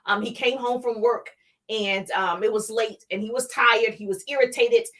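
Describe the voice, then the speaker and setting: High-voiced emphatic woman coach. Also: steady tone, moderate pace, fairly bright tone, recorded from a distance. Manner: emphatic, repeats key lines, calls to the chat. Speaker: motivational speaker, home-business coach. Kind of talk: motivational live stream talk.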